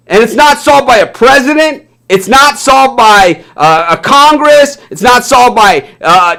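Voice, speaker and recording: Southern male sports host, high-pitched, heated live rant, blunt, swears, says "man" a lot. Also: lively intonation, a little slow, creaky, few pauses, bright, forceful tone. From American South.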